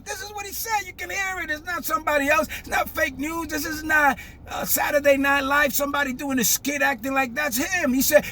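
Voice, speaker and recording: An older man, giving a fiery, emphatic monologue that breaks into shouting. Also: extremely high pitch, fairly quick, few pauses. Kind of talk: impassioned monologue.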